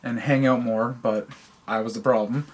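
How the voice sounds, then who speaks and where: A man's voice: medium pitch, steady tone, normal speed. A man co-hosting a casual podcast, telling stories and often stammering and repeating his words. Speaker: podcast co-host. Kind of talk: casual storytelling chat.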